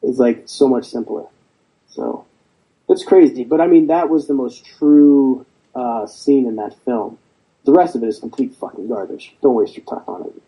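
A man's voice: mid-range voice, normal speed, warm tone, breathy edge, rough recording. A man, a veteran guest, speaking bluntly and with frequent swearing in a conversational interview. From United States. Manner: blunt and profane, storytelling.

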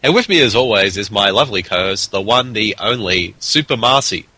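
A man's voice: on the low side, expressive, brisk, pushed and bright, husky, no echo, poor audio. A man with an Australian accent hosting a casual podcast, rambling with plenty of restarts and fillers. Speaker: podcast host.

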